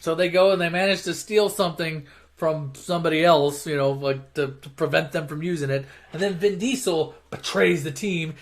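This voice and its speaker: A man's voice: on the high side, normal speed. A young man casually retelling movie plots in a rambling, sarcastic, profane way. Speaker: storyteller. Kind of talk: casual comedic plot retelling.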